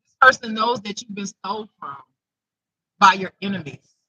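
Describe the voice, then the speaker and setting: A man's voice: sits high, expressive, moderate pace, pushed and bright, slightly rough, no room sound, low-quality recording. A man giving an improvised spiritual reading to viewers, emotional and close to tears, repeating himself in a chatty way. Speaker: intuitive spiritual reader.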